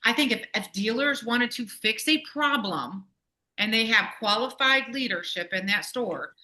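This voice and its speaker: A woman guest, a Navy veteran and former store manager, talking in a casual podcast conversation in an animated, emotional, in-your-face way. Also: on the high side.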